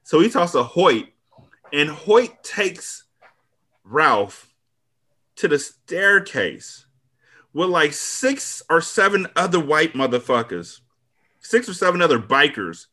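A man hosting a podcast, recapping an episode in a casual, profane, storytelling way with quick asides. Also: a little high, very animated, pushed and bright. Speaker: podcast host.

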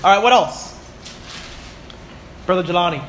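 A man's voice: high-pitched, moderate pace, a bit bright, a little hiss or hum. A man in his twenties teaching a Bible class, chatty and full of stories, often asking "right?" and "you know?". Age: 20s.

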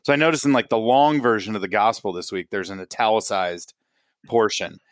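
A man's voice: fairly low pitch, brisk, no echo. A man hosting a podcast, chatting casually and teasing his guest with a laugh. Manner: playful, teasing, laughs a lot. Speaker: podcast host.

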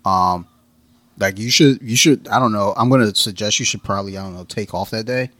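American dude cohosting a podcast, cracks jokes, swears, does little voices for quotes, laughs a lot. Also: male voice, fairly low pitch, brisk, fairly bright tone, no room sound. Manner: jokey, profane, acts out quotes, laughs often. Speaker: podcast co-host. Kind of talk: casual chat.

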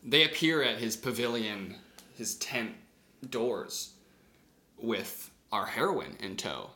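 Lively, bright-voiced man retelling a story. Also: fairly low pitch, slow pace. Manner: animated, swears, acts out scenes with sound effects. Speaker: podcast co-host retelling a story. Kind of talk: casual storytelling. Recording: roomy echo.

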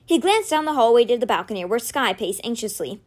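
A woman reading a novel aloud with expressive, animated storytelling. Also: fairly high pitch, fairly quick. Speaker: audiobook reader.

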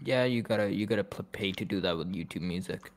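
A man's voice: low voice, fast talker. A young man co-hosting a casual podcast, rambling, swearing freely and laughing often. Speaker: podcast co-host. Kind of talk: casual chat.

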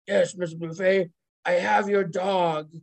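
A woman putting on the low, gravelly voice of a man making a mock ransom call, slightly off-mic. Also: steady tone, unhurried, darkish tone, dry recording. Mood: mock menacing.

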